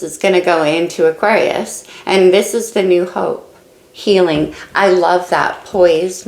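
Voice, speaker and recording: Gravelly low-voiced woman reading tarot. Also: echoey room, low-quality recording. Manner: musing, thinks aloud card by card. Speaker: tarot reader. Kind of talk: casual tarot card reading.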